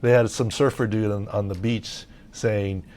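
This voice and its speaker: A middle-aged man from Southern California, talking casually as a sports medicine analyst on a podcast, animated and full of filler words. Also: on the low side, moderate pace.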